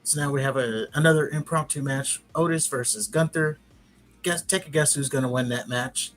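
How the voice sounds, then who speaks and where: A man's voice: mid-range voice, moderate pace, fairly bright tone, faint music behind. A man hosting a podcast, giving a casual, rambling recap with frequent restarts. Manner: rambling, chatty retelling with restarts. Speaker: podcast host.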